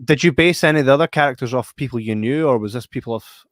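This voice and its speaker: A man's voice: medium pitch, fast, dry recording. A man with a Scottish accent co-hosting a podcast, joking around in playful banter and asking the guest questions. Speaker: podcast co-host. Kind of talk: casual podcast chat.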